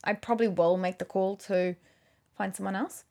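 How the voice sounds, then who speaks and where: A woman's voice: medium pitch, steady tone, normal speed, creaky, warm tone. A woman, rambling and correcting herself in casual chat about her video work. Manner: chatty, rambling, self-correcting. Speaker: video maker.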